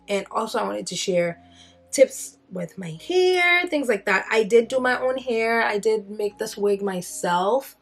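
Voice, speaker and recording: A chatty woman talks through her makeup routine in a loose, rambling way. Her voice sits in an ordinary middle pitch, and faint music plays behind her. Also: vocal fry. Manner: chatty, rambling, with fillers and self-deprecating asides. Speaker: beauty vlogger. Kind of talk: casual makeup tutorial chat.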